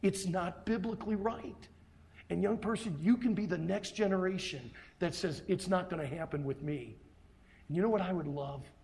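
Man, middle-aged pastor with a high voice, emphatic, repetitive sermon delivery, soft hushed storytelling. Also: moderate pace, gravelly. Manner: emphatic, repeats his points for stress; drops to a soft, hushed voice when telling a personal story. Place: camp meeting room.

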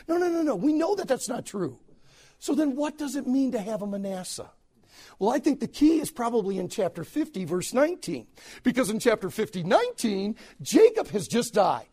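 Lively high-voiced male preacher. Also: normal speed, slightly rough. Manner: animated preaching, swings from loud shouts to hushed quoting. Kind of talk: sermon.

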